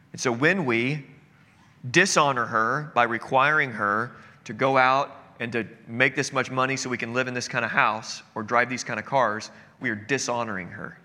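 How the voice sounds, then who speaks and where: A man's voice: medium pitch, sharp tone. A man preaching a sermon as pastor in an earnest, conversational way with casual asides. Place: church sanctuary. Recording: long hall reverb.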